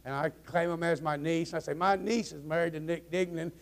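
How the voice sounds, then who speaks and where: Folksy preacher, male, high and gravelly, loose rambling delivery to his congregation. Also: fairly even intonation, fairly quick. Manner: folksy, rambling storyteller with restarts. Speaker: pastor. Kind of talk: joke-telling before a sermon. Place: church sanctuary.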